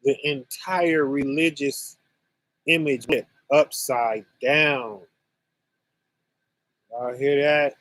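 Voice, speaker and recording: A man hosting a religious online conference, teaching scripture casually and speaking slowly and deliberately to his chat viewers, often asking "right?". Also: medium pitch, steady tone, fairly bright tone, no echo. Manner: slow and deliberate, addressing chat viewers directly; conversational, with frequent "right?" and "you know".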